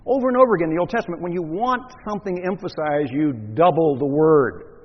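A man preaching a teaching sermon, measured and explanatory, asking the listeners rhetorical questions. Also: on the high side, expressive. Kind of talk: expository sermon. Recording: muffled, echoey hall recording.

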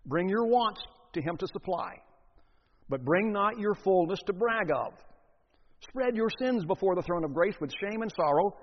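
A man's voice: sits high, expressive, normal speed. A man preaching an expository sermon as pastor, earnest, with emphatic rises on key phrases. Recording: dull sound with long hall reverb.

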